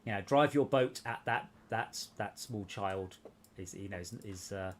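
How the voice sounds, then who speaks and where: A man with a lowish, slightly slow voice hosts a game stream, casually walking the other players through each step.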